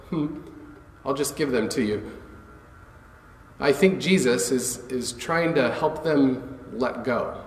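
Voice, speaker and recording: A man delivers a sermon in a church, reading a passage and then recasting it in loose, everyday speech with rhetorical questions. His voice sits at a middle pitch and rings with a long reverb. He sounds set back from the microphone. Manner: conversational, paraphrases scripture in casual speech. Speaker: pastor. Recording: echoey hall, voice from far off.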